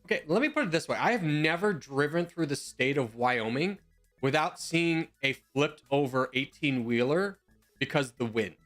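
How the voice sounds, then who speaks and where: A man's voice: a little high, expressive, moderate pace, a bit bright, soft background music. A young man streaming from home, rambling and joking as he answers viewers' questions in casual chat.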